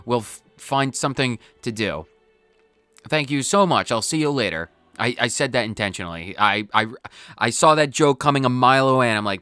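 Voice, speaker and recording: A man's voice: lowish voice, lively intonation, fairly quick, pushed and bright, smooth, dry recording. A man commenting playfully on his own game playthrough, joking and explaining his jokes as he goes. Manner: playful, jokey, self-explaining. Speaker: gaming channel host. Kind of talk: let's play commentary.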